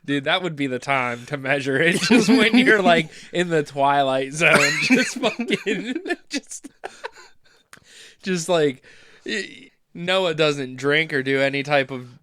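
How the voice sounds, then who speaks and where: A man's voice: on the high side, expressive, slow pace, bright, forceful tone. A man co-hosting a podcast, chatting casually and teasing his friend with playful, laughing energy. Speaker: podcast co-host.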